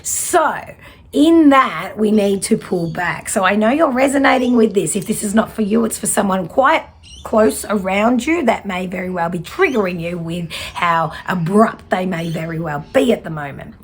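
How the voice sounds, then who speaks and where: A woman's voice: mid-range voice, lively intonation, normal speed, slight background noise. A woman, giving a casual tarot reading in a fiery, direct way. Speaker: tarot reader.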